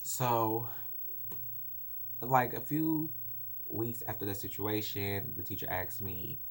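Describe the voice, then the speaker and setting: A man's voice: lowish voice, expressive, slow pace. A man talks straight into his phone, telling a story from his own life in loose, rambling chat. He fills his sentences with "like" and slips into other people's voices as he goes. A faint hiss sits under his voice. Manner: rambling, lots of "like" fillers, acts out voices in stories. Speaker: vlogger. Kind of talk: casual personal storytelling.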